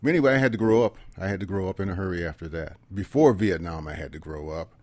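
A man in his seventies, a veteran and guest, telling stories in a folksy, earnest way and dropping into quiet asides. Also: low voice, fast, no room sound. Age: 70s. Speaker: guest, veteran and organizer of a history project. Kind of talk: conversational storytelling.

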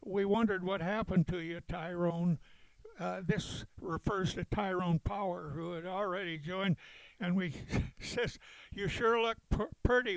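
An older man, a veteran, recalling events in a halting storytelling way with chuckles. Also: high-pitched, vocal fry, dry recording, rough recording. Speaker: veteran interviewee. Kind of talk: oral history recollection.

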